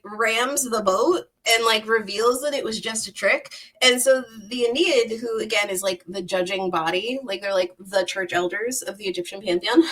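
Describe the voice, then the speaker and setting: A woman's voice: fairly high pitch, a bit bright, recorded from a distance. A woman hosting a podcast, retelling myths in a rambling, profane, laugh-filled casual style. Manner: profane, rambling, laughs often, heavy use of 'like'. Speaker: podcast host. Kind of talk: casual comedic storytelling.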